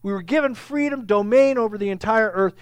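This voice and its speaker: High-voiced man preaching a sermon. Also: fairly quick, clean tone, no room sound. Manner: conversational teaching, frequent "okay?" check-ins; grows emphatic and raised when stressing a point. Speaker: pastor.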